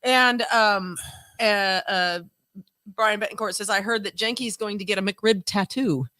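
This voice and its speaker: A woman's voice: medium pitch, unhurried, sharp tone, dry recording. Woman co-host, casual and profane. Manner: casual, profane, reads viewer comments aloud. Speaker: podcast co-host. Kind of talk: casual live podcast chat.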